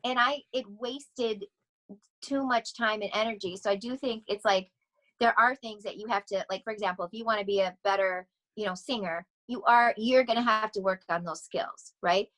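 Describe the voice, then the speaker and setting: A middle-aged woman talking casually as a podcast guest, rambling and animated, often laughing as she speaks. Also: medium pitch, moderate pace, poor audio. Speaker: podcast guest, vocal coach. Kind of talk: casual interview chat.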